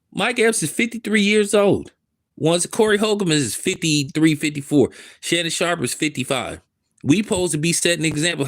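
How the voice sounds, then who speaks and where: A man giving emphatic, casual commentary, repeating himself for stress in street slang. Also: a little high. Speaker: commentary host. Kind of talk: opinionated commentary.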